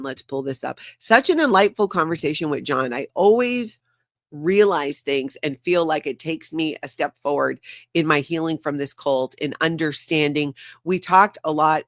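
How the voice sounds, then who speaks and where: A woman's voice: deep voice, dry recording, clean studio sound. Bubbly woman hosting a livestream. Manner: bubbly, laughs often, reads chat aloud. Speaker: show host. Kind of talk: casual livestream chat.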